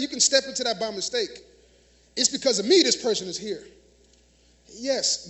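A man's voice: very high voice, a bit bright. A man preaching a sermon in a church, emphatic and conversational, using call-and-response with the congregation. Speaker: minister.

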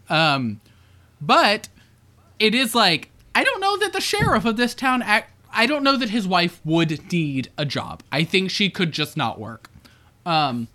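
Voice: medium pitch, sharp tone. A podcast co-host in casual chat about a movie, rambling with many fillers and swearing freely.

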